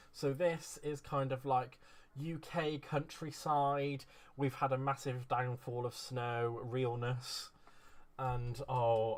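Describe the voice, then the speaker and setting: A man chatting casually as a craft vlogger, gushing over card-making supplies. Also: mid-range voice. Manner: gushing, effusive. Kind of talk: casual craft unboxing chat.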